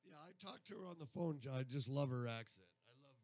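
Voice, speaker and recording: A man's voice: medium pitch, lively intonation, fairly quick, a little mellow, no room sound. A man hosting a radio show, chatting casually in a rambling, jokey way. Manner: rambling, jokey, breaks into silly accents.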